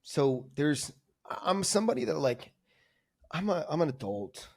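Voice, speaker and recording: A man's voice: on the high side, big pitch swings, a little slow, a little mellow, breathy edge, no room sound, clean studio sound. A man speaking as a guest on a coaching podcast, candid and rambling, full of filler words and restarts. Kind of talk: candid conversational reflection. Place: lives in Argentina, remote podcast.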